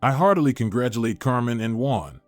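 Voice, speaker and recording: A man voicing a calm, firm wife who has been betrayed, in a storybook reading. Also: mid-range voice, fairly quick, dry recording, soft background music, close to an everyday voice.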